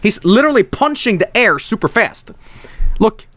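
A young adult man streaming, reacting with excitable, profane, animated storytelling. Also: high voice, moderate pace, slight background noise. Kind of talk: live stream reaction commentary.

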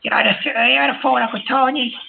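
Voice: mid-range voice, steady tone, fast talker, vocal fry, slight background noise. A performer voicing a hot-tempered uncle who hosts a call-in show and scolds and hangs up on callers. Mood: ranting. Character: excitable Italian-American uncle, a man. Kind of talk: prank call-in radio banter. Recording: tinny phone-line sound.

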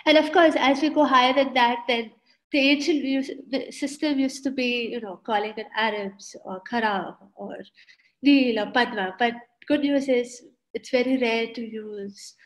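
A woman's voice: a little high, moderate pace, rough recording. A woman with an Indian English accent presenting on a panel, chatty and full of fillers.

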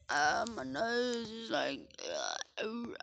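A woman's voice: mid-range voice, gravelly. A woman chatting casually over a game she is playing, rambling to herself, humming and singing snatches and slipping into whispered asides. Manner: rambling, hums and sings to self, drops into whispered asides. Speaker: gaming channel host. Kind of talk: casual gameplay commentary. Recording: noisy background.

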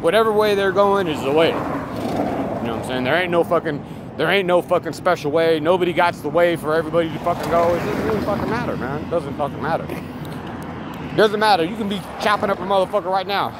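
A man's voice: high-pitched, quick pace. Profane rambling man, street noise. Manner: profane, emphatic, repetitive. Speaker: vlogger. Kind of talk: rambling off-the-cuff monologue. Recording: loud street and vehicle noise.

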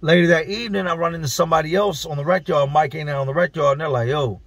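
A slightly high-pitched man with a gravelly, husky edge tells prison stories in loose street slang. He slips into the other people's voices as he recounts what they said. The sound is close and dry, with no room around it. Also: fairly even intonation, racing, no echo. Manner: streetwise slang, acts out quoted dialogue. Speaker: vlogger telling prison stories. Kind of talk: casual storytelling.

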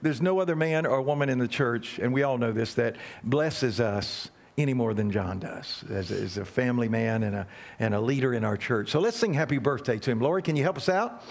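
A man's voice: mid-range voice, lively intonation, brisk, vocal fry. A man leading a church service as guest pastor, telling a playful children's story and leading the congregation. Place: church sanctuary.

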